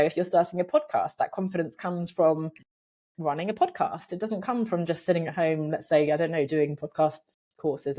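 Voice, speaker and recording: A middle-aged woman being interviewed from her home office, talking in a lively, animated way, laughing often and acting out voices in her head. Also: fairly low pitch. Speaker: podcast guest, career coach. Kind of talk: casual conversational interview.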